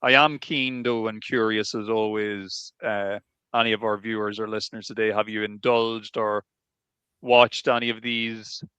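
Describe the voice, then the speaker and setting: Low, smooth-voiced man with dry quips. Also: flat delivery, unhurried, pushed and bright, no echo. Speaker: podcast co-host. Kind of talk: casual chat. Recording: dry, slightly muffled mic.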